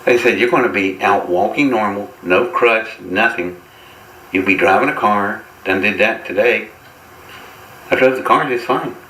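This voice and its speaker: A man with a low, bright, forceful voice tells his story in a folksy, wry way, breaking into chuckles. He sounds like he is in a roomy, echoey space with a faint hiss behind him. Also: unhurried. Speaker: interview guest. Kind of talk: casual storytelling.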